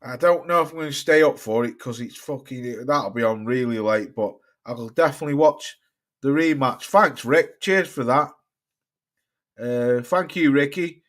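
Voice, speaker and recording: A man's voice: medium pitch, normal speed. A man with a mixed Cheshire and Staffordshire accent hosting a boxing livestream, chatting casually with viewers, rambling and swearing often. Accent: mixed Cheshire and Staffordshire English. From Cheshire, England. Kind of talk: casual live-stream chat reading viewer comments.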